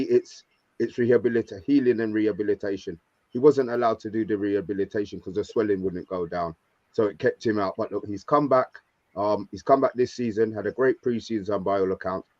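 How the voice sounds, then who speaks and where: A man with a low voice chats as a football panelist, relaxed and hesitant. His voice comes through dull and lo-fi, dry with no room echo. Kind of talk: casual football chat. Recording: dull lo-fi sound.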